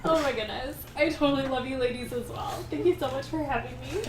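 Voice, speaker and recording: A woman playing in a tabletop game, speaking brightly and eagerly in character. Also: high voice, fast talker, a loud crowd. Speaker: player. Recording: echoey distant room mic with noise.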